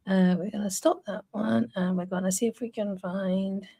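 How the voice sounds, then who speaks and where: A woman's voice: mid-range voice, vocal fry, dark tone, husky. A woman in her forties from North East England, chatting casually with viewers and laughing often on a live stream. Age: 40s. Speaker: livestream co-host. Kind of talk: casual livestream chat with viewers.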